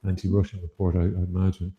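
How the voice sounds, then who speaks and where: Low-voiced Irish man hosting a chat. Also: completely flat delivery, fast talker, dark tone, breathy edge, lo-fi sound. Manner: hesitant, repeats words, dry quips. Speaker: chat show host. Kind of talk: casual panel chat. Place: studio.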